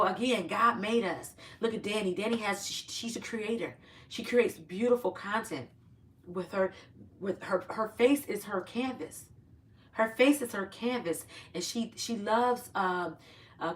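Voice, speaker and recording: A woman hosts a casual phone livestream, talking loosely and warmly to her viewers and greeting them as they join. Her mid-pitched voice sits a little back from the mic, giving a slightly distant sound. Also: measured pace, a little hiss or hum. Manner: chatty, greets viewers by name, uplifting. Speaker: livestream host. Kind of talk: casual live-stream chat.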